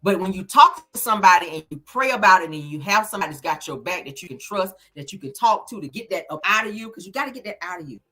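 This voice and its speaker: A woman in her thirties hosts celebrity news commentary for her viewers in a blunt, animated way, swearing freely. Her voice is bright and forceful, pitched a little low for a woman. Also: fast, few pauses.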